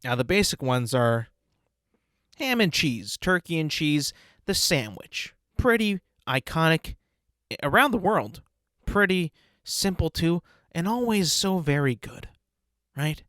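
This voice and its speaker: A man's voice: fairly high pitch, very animated, slow, fairly bright tone, no echo, clean studio sound. A man hosting a casual solo podcast, rambling playfully and savoring talk of food. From United States. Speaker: podcast host.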